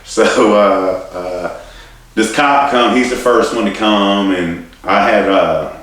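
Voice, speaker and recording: A man telling a personal story in a rambling, halting way, swearing and laughing at himself. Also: fairly low pitch, a bit bright. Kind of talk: casual storytelling. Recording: distant mic in a very echoey room.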